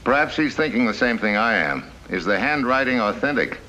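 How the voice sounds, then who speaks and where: An actor playing a tough American special agent in a 1950s radio drama, terse and wisecracking. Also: male voice, medium pitch, animated, fairly quick, sharp tone, slight background noise, rough recording. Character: American special agent, man, middle-aged, tough and wry.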